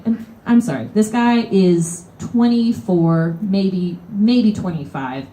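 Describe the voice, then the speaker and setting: Young Kentucky woman, live storyteller. Mellow voice, rambling and profane, roomy venue sound. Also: mid-range voice, slow pace, hardly any pauses, slight background noise. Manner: rambling, profane, heavy use of "like". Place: bookstore cafe at a live show.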